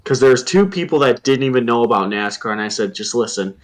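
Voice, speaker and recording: A man's voice: mid-range voice, quick pace. A man with an ordinary mid-range voice tells loose, rambling stories on a casual podcast. He fills gaps with "um" and "like" and acts out his own reactions in quotes. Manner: relaxed storytelling with fillers and quoted asides. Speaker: podcast guest.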